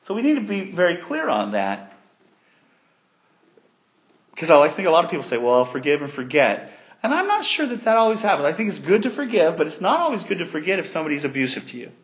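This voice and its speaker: A man preaching a sermon, retelling a story in an animated way that swings between loud and soft. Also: on the high side, brisk.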